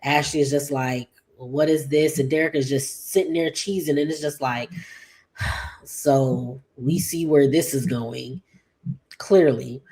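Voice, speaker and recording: A woman giving a casual, rambling recap of an episode, with many fillers and quick paraphrased quotes. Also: a bass voice, steady tone, dark tone. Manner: chatty, rambling, full of "like" and "just like". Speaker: soap opera recap vlogger.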